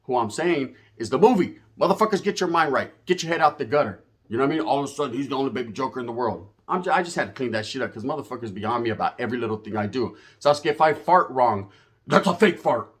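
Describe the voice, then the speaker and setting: A man from the US West Coast, hosting his channel and telling a story in a casual rant full of street slang and profanity, swinging between loud emphatic bursts and low asides. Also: expressive, fast talker. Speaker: channel host.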